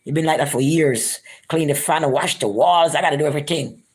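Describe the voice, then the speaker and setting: Lady venting her story to camera, low voice, jumps up high when she quotes people. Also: brisk, slightly rough. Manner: animated, acts out quoted voices, rising pitch for quotes. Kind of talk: casual storytelling vlog.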